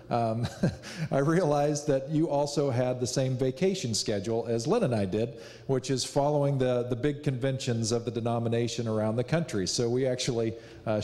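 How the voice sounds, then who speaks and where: A male pastor introducing a guest speaker in a relaxed, hesitant way. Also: medium pitch. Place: church sanctuary. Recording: reverberant church hall.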